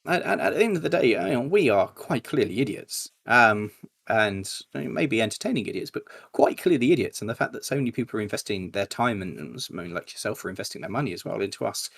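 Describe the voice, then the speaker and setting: A man, a YouTuber guest, chatting casually in an interview, telling anecdotes animatedly with sudden high-pitched impressions of other people. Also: expressive, quick pace, vocal fry, a bit bright.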